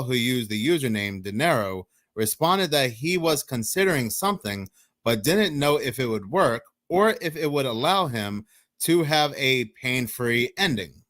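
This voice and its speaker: A man's voice: medium pitch, lively intonation, normal speed, fairly bright tone, no echo. Man reading news in a dry room. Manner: reads chat logs aloud in a plain voice. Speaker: news commentary host. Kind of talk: reading and commenting on news articles.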